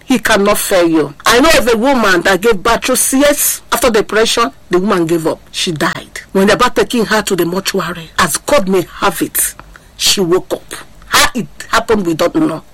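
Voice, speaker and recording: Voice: medium pitch, animated, moderate pace, a bit bright, poor audio. A preacher gives a sermon, repeating refrains in a sing-song, impassioned way and asking the listeners whether they are hearing. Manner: asks the audience to listen.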